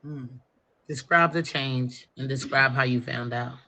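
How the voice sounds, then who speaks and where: Bright-voiced man asking interview questions. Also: mid-range voice, fairly even intonation, measured pace. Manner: probing, joking questions in casual slang. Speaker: interviewer host. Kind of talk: casual interview.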